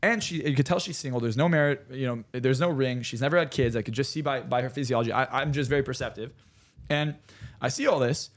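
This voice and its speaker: A man, a hypnotherapist on a podcast, telling stories in a rapid, animated and profane way. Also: mid-range voice. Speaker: hypnotherapist guest. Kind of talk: casual podcast chat.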